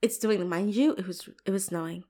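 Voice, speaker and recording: A woman's voice: medium pitch, fairly quick. A young woman telling a story in casual chat, swearing, laughing often and acting out what she said at the time. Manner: animated, swears a lot, laughs often, acts out her own past lines.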